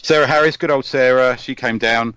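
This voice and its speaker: A man's voice: medium pitch, fairly even intonation, fairly quick, a bit bright. A man hosting a podcast, chatting casually and rambling with lots of ums and restarts. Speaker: podcast host. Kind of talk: casual chat.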